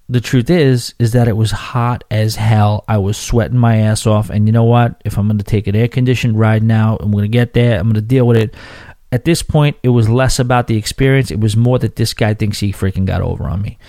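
Mellow-voiced man ranting about a trip. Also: fairly low pitch, a little fast, dry recording, clean studio sound. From New York. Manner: animated, profane ranting with frequent restarts. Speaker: podcast host. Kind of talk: casual storytelling monologue.

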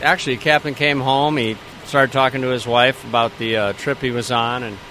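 A man telling a joke in a quick, punchline-driven way. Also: medium pitch, steady tone, pushed and bright, soft background music, poor audio. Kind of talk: casual anecdote.

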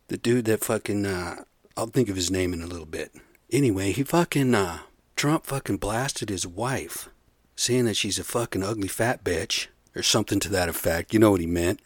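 A man's voice: on the low side, dry recording. A man hosting a solo podcast, ranting in a profane, rambling, heated way from his bedroom. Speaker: podcast host.

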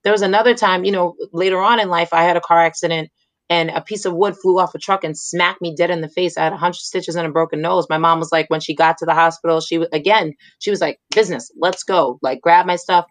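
Guest woman, low-pitched, dry close sound, earnest and reflective storyteller. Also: fairly even intonation, quick pace, no echo. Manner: reflective, earnest, frequent "like" fillers. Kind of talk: personal storytelling in conversation.

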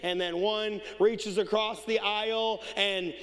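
Male pastor, high-pitched, conversational anecdotes that build to fiery shouted preaching. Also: steady tone, slow, noisy background. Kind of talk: sermon with humorous storytelling. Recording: long reverb of a large hall.

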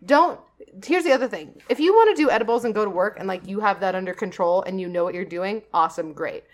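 A young woman in casual chat, animated and profane, often laughing as she talks. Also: medium pitch, fast talker.

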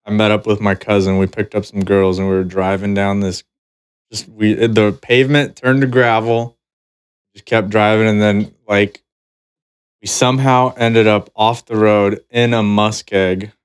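A man's voice: lowish voice, steady tone, moderate pace, clear, resonant tone. A man hosting a casual podcast chat, telling a story in a laid-back way.

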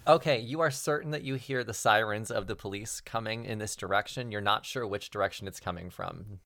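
Calm male game master, lowish voice. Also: a little fast. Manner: calm, guiding, asks players what they do. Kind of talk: narrating a tabletop game.

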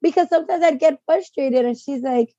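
Talking fairly quickly in a high voice, a middle-aged woman appears as a client and podcast guest in a casual conversation, recorded lo-fi with no room sound. She's an animated storyteller who voices the other people in her tale.

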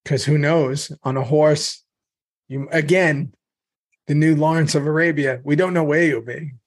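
A man's voice: on the high side, steady tone, a little slow. A man co-hosting a casual podcast chat, talking in a rambling, meandering way full of restarts. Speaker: podcast co-host.

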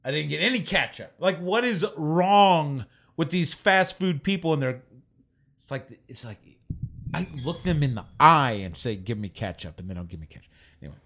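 Animated man telling stories on a podcast. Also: fairly high pitch, normal speed. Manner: animated storyteller, acts out people he quotes. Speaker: podcast co-host. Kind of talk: casual chat.

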